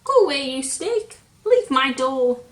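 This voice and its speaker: A woman's voice: high-pitched, sing-song, unhurried, reverberant. A woman voicing a timid, flustered male square shape in a picture book, fretting in fussy exclamations. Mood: alarmed. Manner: fretful exclamations.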